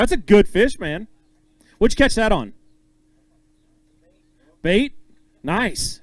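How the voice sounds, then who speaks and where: A man emceeing a bass-fishing weigh-in on an outdoor stage, upbeat and joking with the anglers as he calls out names and weights. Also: expressive, unhurried, pauses often, no room sound, rough recording. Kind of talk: live emcee announcing with banter.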